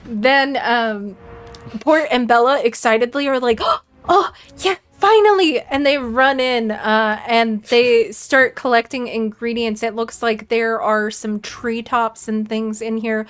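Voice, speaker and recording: A woman's voice: a little high, flat delivery, unhurried, smooth. A woman narrating as dungeon master, chatty and giggly, with many fillers. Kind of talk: narrating a tabletop game.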